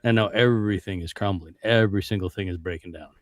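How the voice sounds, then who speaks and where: Male panelist, lowish voice, blunt delivery, dry mic. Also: fast talker, no room sound. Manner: blunt, matter-of-fact warnings. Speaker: panel guest. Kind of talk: casual panel chat.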